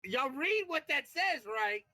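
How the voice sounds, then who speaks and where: A greedy adventurer, as a man puts him on, pitched way up high with a squeaky, wheedling plea. His voice leaps around wildly and sounds bright and sharp. He begs the party not to be hasty. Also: very animated, slow, full character voice.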